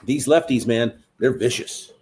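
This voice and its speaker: A man in casual political chat who tells animated stories, swears freely and acts out what people said. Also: mid-range voice, a little slow, slight background noise.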